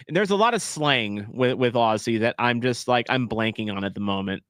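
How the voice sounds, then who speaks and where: A man's voice: mid-range voice, animated, normal speed, fairly bright tone, smooth, no room sound, clean studio sound. A man in his thirties hosting a casual live watch-along stream, chatty and self-deprecating, rambling between topics.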